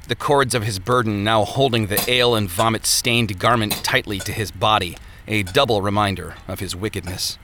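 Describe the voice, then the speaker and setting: A man reading an audiobook in a measured, descriptive way. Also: lowish voice, pushed and bright, slight background noise. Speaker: narrator. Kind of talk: scripted audiobook narration.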